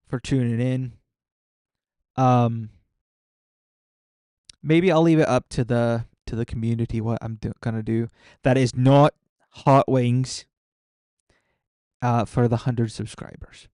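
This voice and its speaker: A man's voice: mid-range voice, fairly even intonation, a little slow, long pauses, darkish tone, clear, resonant tone, no room sound, clean studio sound. A young man streaming a game, rambling casually and answering his chat as he signs off. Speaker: gaming streamer.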